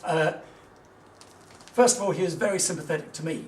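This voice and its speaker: A man's voice: a little high, fairly quick, slight background noise. Earnest middle-aged man, echoey distant talk. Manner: anecdotal storytelling, emphatic and earnest. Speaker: business speaker. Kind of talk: motivational public talk. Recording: echoey room, voice from a distance, faint ambience.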